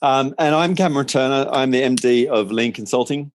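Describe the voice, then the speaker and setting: A man with an Australian accent softened by years in England, hosting a business webinar in a chatty, upbeat way with many fillers. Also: mid-range voice, fairly quick. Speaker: managing director and webinar host. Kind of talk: casual webinar presentation.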